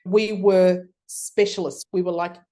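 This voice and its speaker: A middle-aged Australian woman spins animated anecdotes in a relaxed interview chat, stumbling and restarting as she goes. Her voice sits low and mellow, with a warm, dark tone. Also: a little slow. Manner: lively, animated anecdote telling with frequent restarts. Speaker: guest, photography consultant. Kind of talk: casual storytelling interview.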